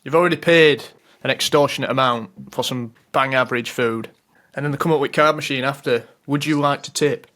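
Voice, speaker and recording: A man's voice: mid-range voice, fairly quick, fairly bright tone. A man, co-hosting a podcast and telling stories about pet peeves in casual chat. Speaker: podcast co-host.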